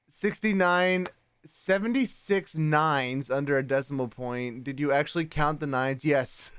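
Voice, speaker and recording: A man hosting a casual live stream, playful and laughing often, his voice swinging between loud calls and soft murmurs. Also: a little high, clear, resonant tone, dry recording, studio quality. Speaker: streamer host.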